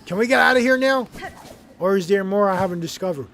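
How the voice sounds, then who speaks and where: A young man streaming a game, chatting casually and rambling, often getting worked up and loud. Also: sits high, quick pace, gravelly, slight background noise. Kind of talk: casual livestream gaming chat. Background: game music.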